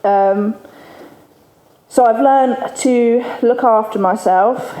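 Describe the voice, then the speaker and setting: A woman's voice: on the high side, drawn-out words, warm tone. A woman giving a candid, chatty recovery testimony to an audience, laughing often. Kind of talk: personal testimony speech to an audience. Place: event hall with an audience. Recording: echoey hall, faint room ambience.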